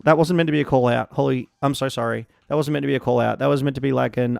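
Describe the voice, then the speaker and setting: A man streaming a game, chatting casually and excitably, greeting viewers and reacting loudly to the action. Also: mid-range voice, quick pace, vocal fry, hardly any pauses, clean tone, no room sound, studio quality. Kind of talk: casual live-stream chat while gaming.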